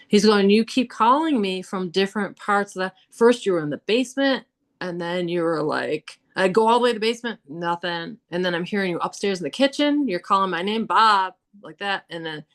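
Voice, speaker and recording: A woman telling ghost stories as a podcast guest, animated and chatty, acting out quotes with frequent laughs. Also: on the low side. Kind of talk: casual storytelling about hauntings.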